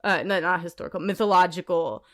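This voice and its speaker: A woman co-hosting a podcast in casual chat, animated and ranty, swearing and laughing often. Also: on the low side, quick pace. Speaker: podcast co-host.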